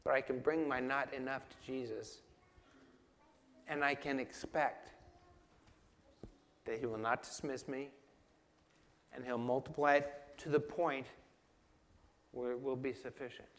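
Man preaching slow and emphatic, asks the crowd questions, big reverby hall sound. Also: medium pitch, fairly even intonation, fairly bright tone. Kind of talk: sermon.

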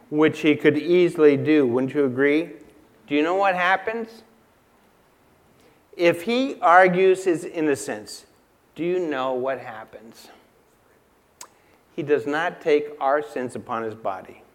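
A man preaching a sermon in a church, emphatic and unhurried, asking the congregation rhetorical questions and repeating key lines. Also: medium pitch. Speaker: pastor.

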